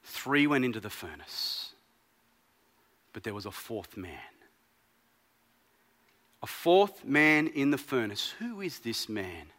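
A man preaching a sermon, swinging between loud emphasis and quiet gravity. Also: medium pitch, sing-song, slow pace, pauses often, in a large hall.

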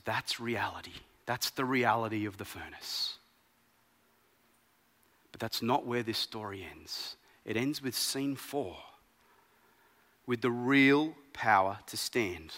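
A man preaching a sermon, swinging between loud emphasis and quiet gravity. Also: mid-range voice, expressive, slow, long pauses, long reverb tail.

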